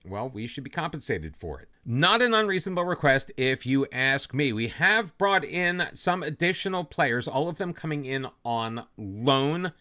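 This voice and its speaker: A man's voice: medium pitch, moderate pace, few pauses. A man hosting a football manager let's play, talking casually and poking fun at himself. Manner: chatty, self-deprecating, lively ups and downs. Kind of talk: casual gameplay commentary.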